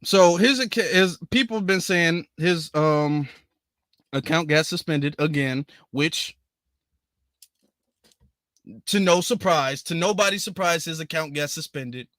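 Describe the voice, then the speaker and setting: Bright, high-voiced man on a livestream. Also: unhurried, no echo. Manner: emphatic and indignant, repeats his points. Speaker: livestream host. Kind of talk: casual livestream commentary.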